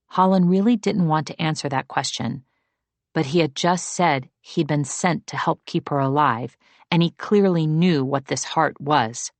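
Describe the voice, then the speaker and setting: Low-voiced woman narrating an audiobook. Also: no room sound. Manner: steady, measured storytelling. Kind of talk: scripted narration.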